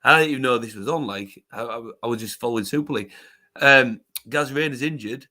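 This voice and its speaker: A man, a former rugby league player, telling his story as a podcast guest in an animated way, often restarting and repeating words. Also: medium pitch, brisk. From England.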